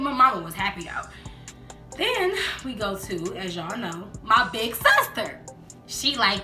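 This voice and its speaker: A young woman chatting casually in a storytime vlog, acting out quotes in lively voices. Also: mid-range voice, measured pace, pauses often. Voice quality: animated, acts out quotes in voices. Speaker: vlogger. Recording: roomy echo with background music.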